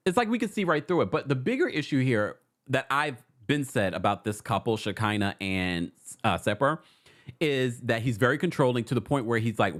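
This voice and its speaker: A man hosting a casual pop culture gossip show, animated and sassy, laughing often as he comments. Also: mid-range voice, moderate pace.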